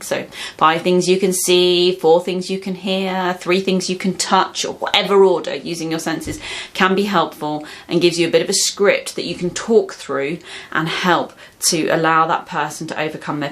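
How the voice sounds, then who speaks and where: Woman, lowish voice, calm practical advice, reassuring tone. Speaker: mental health educator. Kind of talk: explaining advice to camera.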